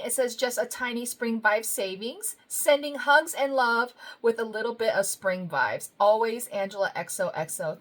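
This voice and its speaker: A woman budgeting vlogger chatting casually as she opens happy mail, gushing and effusive, full of thank-yous and little laughs. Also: fairly high pitch.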